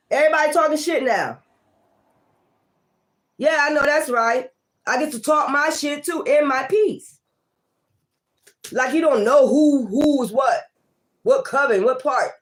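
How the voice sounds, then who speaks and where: Woman doing tarot, cussing and calling people out, kinda high voice, loud one sec then mumbling. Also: measured pace, pauses often. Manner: blunt, profane and confrontational, calling out critics; swings between loud outbursts and low muttering. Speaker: tarot reader. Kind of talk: casual tarot reading monologue.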